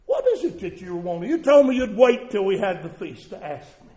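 A man acting out a generous, commanding king with brisk, jovial delivery. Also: high-pitched, big pitch swings, mellow. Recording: long church reverb.

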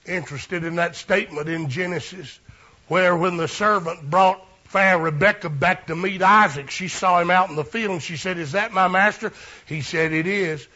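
A man preaching a sermon with passion, often rising to shouts. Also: high-pitched. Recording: dull lo-fi recording.

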